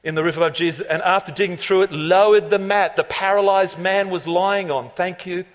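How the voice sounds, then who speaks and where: A man preaching a lively, joking sermon as pastor of a church, laughing often and building to loud climaxes. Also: sits high, a little fast. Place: church auditorium. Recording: long reverb of a large hall.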